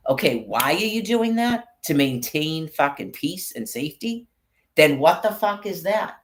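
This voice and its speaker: A man's voice: a little high, lively intonation, unhurried, slight background noise. A man delivering an angry, rambling monologue, swearing constantly as he rants. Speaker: vlogger. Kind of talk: profane ranting monologue.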